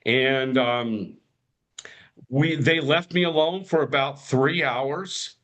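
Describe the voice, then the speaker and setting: Man, fifties, guest storyteller, casual, restarts a lot, mid-pitched voice. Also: takes it slowly, a bit bright. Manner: rambling, frequent restarts and fillers; acts out quoted voices.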